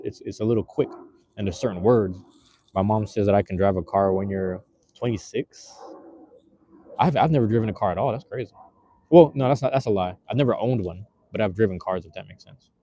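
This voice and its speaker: A man with a dark, lowish voice speaks a little fast as he streams outdoors on the street from a handheld phone. His casual live chat is slangy and rambling, full of fillers and restarts, with no room sound and the highs cut off.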